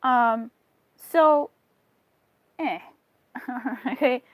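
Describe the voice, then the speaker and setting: A woman's voice: sits high, drawn-out words, dry recording. A woman giving a casual tarot reading to camera, candid and chatty, swearing freely and giggling between thoughts. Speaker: tarot reader.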